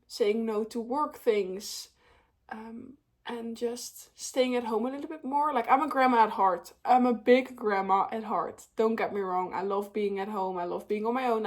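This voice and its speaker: A young woman with a slightly high voice vlogs from home in a loose, confiding way. She sounds worn out and near tears, and she fills pauses with "um" and "like". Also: darkish tone. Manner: open and emotional, many fillers. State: tired and tearful. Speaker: vlogger. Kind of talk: casual talk to camera.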